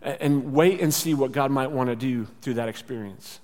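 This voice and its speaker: Speaking in a mid-range, slightly mellow voice at a moderate pace, a male pastor preaches conversationally and occasionally plays out small dialogues. The church hall adds reverb to the recording.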